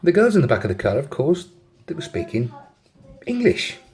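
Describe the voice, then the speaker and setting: A man's voice: fairly high pitch, huge pitch swings, normal speed, darkish tone. A man casually telling a funny anecdote, often chuckling and adding apologetic asides. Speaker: storyteller.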